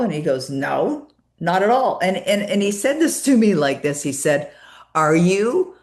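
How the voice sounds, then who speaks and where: Low-voiced woman telling a story. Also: reverberant. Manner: storytelling, animated retelling with many fillers. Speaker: guest. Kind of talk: conversational interview.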